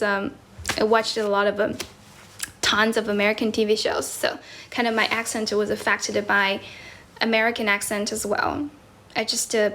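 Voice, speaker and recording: A woman's voice: medium pitch, a bit bright. A young woman from China with a Chinese accent, hosting a casual livestream and answering comments, laughing often and correcting herself as she switches between English and Mandarin. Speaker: livestream host teaching English.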